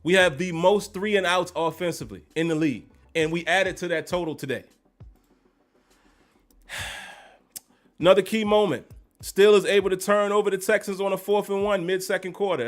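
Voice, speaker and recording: A man hosting a live-streamed football recap, animated and emphatic, repeating phrases to drive his points home. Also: sits high. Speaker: sports commentary host.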